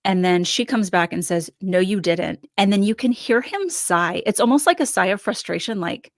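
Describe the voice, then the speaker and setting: A woman's voice: medium pitch, expressive, moderate pace, dry recording, clean studio sound. A woman guest on a podcast, talking through her analysis in a thoughtful, hedging way with frequent restarts. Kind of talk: casual analytical discussion.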